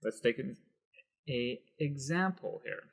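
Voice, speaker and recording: A man explaining Spanish accent marks in a patient whiteboard lesson, slowing down to stress syllables. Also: mid-range voice, vocal fry, husky. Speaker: Spanish teacher.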